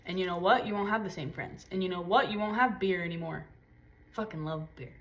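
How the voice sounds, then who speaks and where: A woman giving a casual tarot reading, talking intensely and swearing freely. She drops to low murmurs and jumps to high exclaims as she gives a spiritual pep talk. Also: a little fast. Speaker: tarot reader.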